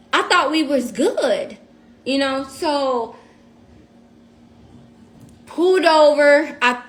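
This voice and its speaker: A woman telling a story on a casual livestream. She is animated and profane, and talks straight to her viewers. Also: sits high.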